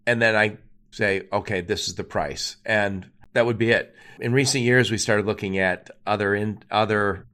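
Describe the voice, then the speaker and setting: A man hosting a podcast interview, talking in an emphatic, animated way and acting out quoted asides. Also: on the low side, moderate pace. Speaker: podcast host. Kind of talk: conversational interview.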